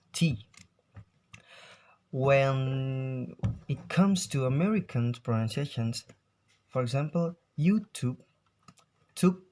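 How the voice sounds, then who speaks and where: A young man talks through a classroom-style explanation at an unhurried pace. His pitch sits in the usual middle range for a man. He stops to say example words aloud with care. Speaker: student presenter. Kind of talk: explaining pronunciation to camera.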